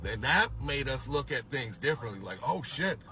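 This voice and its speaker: Bright-voiced man telling a profane story. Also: mid-range voice, brisk, faint music behind. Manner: animated, swears constantly, challenges doubters. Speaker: storyteller recounting a past tour.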